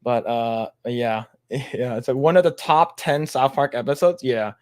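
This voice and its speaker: A man's voice: mid-range voice, unhurried, darkish tone, no room sound, clean studio sound. A man co-hosting a casual podcast chat, rambling with many fillers and laughing as he retells jokes. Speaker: podcast co-host.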